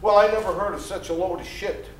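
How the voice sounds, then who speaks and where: A guttural old-timey tough guy with hard vowels, as a man acts him out, pitched very high for a man. He is heard from afar, in a roomy stage sound with music behind. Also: fairly even intonation, quick pace, distant mic, crowd noise, lightly acted. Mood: baffled. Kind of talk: 1940s-style sketch comedy acting.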